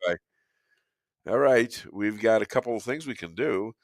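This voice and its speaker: An older man hosts a casual talk show with a hoarse, gravelly, fried voice that sits a little low. He rambles and cracks jokes, stopping often on "uh." The sound is close and dry. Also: expressive, no room sound. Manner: rambling, joking, many filler pauses. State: hoarse, losing his voice. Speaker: show host.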